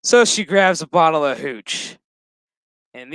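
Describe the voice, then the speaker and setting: Brief: man, smooth clear voice, dry close sound, swearing his way through a sarcastic episode recap. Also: fairly high pitch, expressive, slow, pauses often, fairly bright tone, no echo. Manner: profane, sarcastic, blunt. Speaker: show reviewer.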